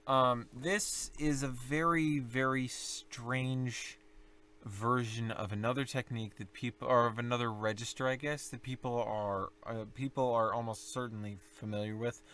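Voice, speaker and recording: A young man explaining low singing techniques in a casual tutorial, rambling and self-correcting as he demonstrates growls and vocal fry. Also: steady tone, normal speed, a bit bright. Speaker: singing teacher.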